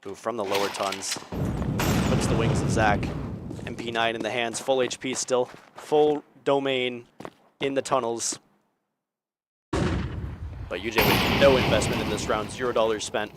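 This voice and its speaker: Young male caster, solo play-by-play, energetic, average pitch, loud game gunfire behind. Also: unhurried, long pauses, heavy background noise. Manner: energetic, voice climbing on big plays. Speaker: esports caster. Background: game sound effects and gunfire.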